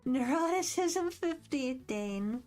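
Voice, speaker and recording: A woman's voice: high voice, expressive, slow, a little mellow. A young woman streaming, chatting casually and rambling as she reads quiz questions aloud with a bubbly, self-deprecating manner. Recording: faint background music.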